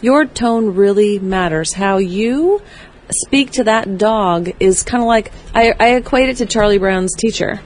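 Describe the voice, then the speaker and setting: A woman's voice: mid-range voice, a little slow, darkish tone. A woman who trains dogs, explaining her methods in a confident, conversational way with frequent restarts. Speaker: dog trainer. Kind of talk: casual conversation.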